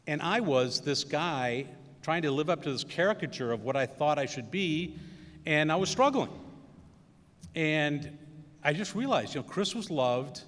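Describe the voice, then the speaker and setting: A man's voice: a little high, expressive, measured pace, pauses often, a bit bright. A middle-aged man, giving a commencement speech full of self-deprecating, anecdotal storytelling and many fillers. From Wisconsin. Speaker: commencement guest speaker. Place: school ceremony hall. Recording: echoey hall reverb.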